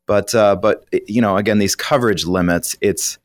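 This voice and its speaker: Man, very low voice, dry close studio sound, emphatic radio finance explainer. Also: moderate pace, no room sound. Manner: explanatory, emphatic, occasional laughs. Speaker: retirement planning professional.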